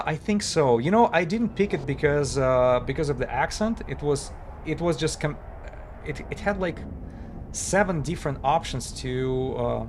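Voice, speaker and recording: A man casually talking while he streams a game, halting and chatty, with many fillers and restarts. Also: fairly high pitch, slight background noise. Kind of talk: casual live-stream commentary.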